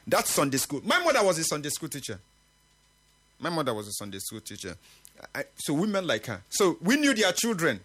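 A husky-voiced middle-aged man hosts a morning radio talk show. He speaks earnestly and with emphasis, and his pitch swings widely as he makes his points. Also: a bit bright. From Nigeria. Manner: earnest, emphatic, with occasional laughs. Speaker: radio host.

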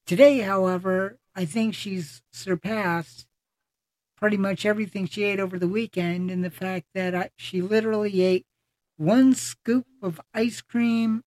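A podcast host in casual conversation, voice sitting at a middle pitch. The delivery is halting and full of fillers and self-corrections, recorded dry with no room sound. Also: fairly even intonation, darkish tone, dry recording. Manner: halting, many fillers and restarts.

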